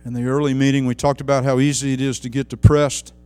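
A man preaching a sermon with passion, swinging between loud, fervent outbursts and quiet, hushed asides. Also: mid-range voice, level tone, fast, smooth, soft background music.

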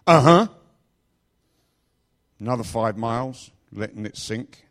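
A man's voice: mid-range voice, expressive, normal speed. A middle-aged man from England preaching in a chatty, joking storytelling style. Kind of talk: storytelling sermon.

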